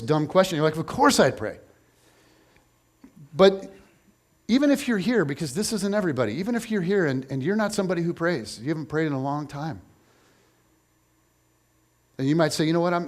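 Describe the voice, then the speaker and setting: Male pastor, sermon, higher-pitched voice, loose and conversational, lots of asides and restarts.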